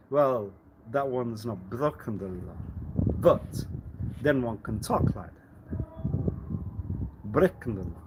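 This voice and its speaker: Man, slightly high-pitched, livestream lecture; drawn-out delivery, repetitive rhetorical questions, frequent laughs. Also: background noise. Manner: laughs often, repeats himself. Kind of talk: rambling live-stream monologue.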